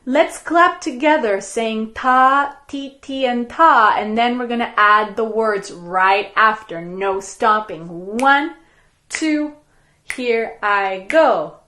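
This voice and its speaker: A woman teaching a recorded music lesson for young children, counting beats and speaking rhythm syllables in a slow, clear, patient way. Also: on the high side, pushed and bright. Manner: slow, clear, patient classroom delivery with counted clapping chants.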